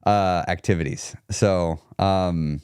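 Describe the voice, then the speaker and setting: A man coaching on weight loss during a live chat stream, blunt and emphatic, repeating his key points, and going quieter when he talks about himself. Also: deep voice, fairly even intonation, slow, smooth, dry recording, studio quality.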